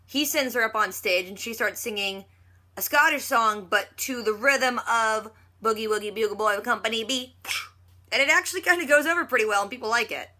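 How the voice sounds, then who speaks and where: Woman vlogger, fairly high and bright, chatty recap that slips into quick character voices. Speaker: reaction vlogger. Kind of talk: casual TV episode recap.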